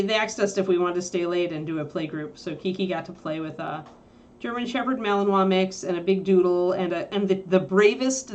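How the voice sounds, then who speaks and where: A woman hosting a casual livestream about painting miniatures. She chats in a rambling way and keeps breaking off to talk to her puppy. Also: medium pitch. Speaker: miniature painting stream host.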